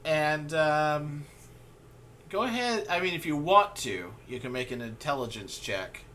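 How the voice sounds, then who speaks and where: A man's voice: fairly high pitch, animated, measured pace, pushed and bright, a little hiss or hum. A man running a tabletop game as game master, rambling with fillers and laughing often. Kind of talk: narrating a tabletop game over an online call.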